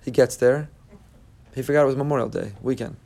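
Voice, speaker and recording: Animated man giving a sermon. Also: fairly quick, vocal fry, crowd noise. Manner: animated, acts out quotes with sudden loud high bursts. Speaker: rabbi.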